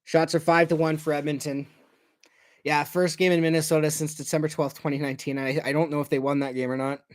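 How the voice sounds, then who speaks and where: A man's voice: a little high, little pitch movement, quick pace, dry recording. Man, fan game commentary, profane and heated, dry home-mic sound. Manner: ranting, profane, swings from shouting to muttering. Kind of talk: fan watch-along commentary. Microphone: personal mic.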